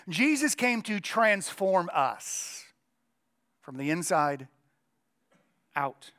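A middle-aged male pastor preaching a sermon with a strained, cracking voice, emphatic and slowing down to stress key lines. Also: fairly high pitch, a bit bright. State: voice cracking, throat clearing.

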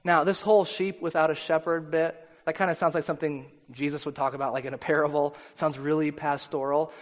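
A male pastor preaching a sermon in a conversational, animated storytelling way, often restarting his sentences. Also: on the high side, a little fast. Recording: long hall reverb.

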